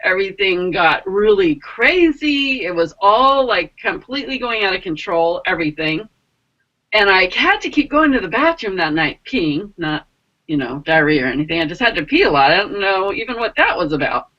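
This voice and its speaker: A woman telling a personal story in a casual, rambling way, acting out her own quotes with big jumps in pitch. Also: very animated, moderate pace, fairly bright tone, highs cut off. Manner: rambling with many fillers like "like" and "you know". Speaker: spiritual mentor and energy healer.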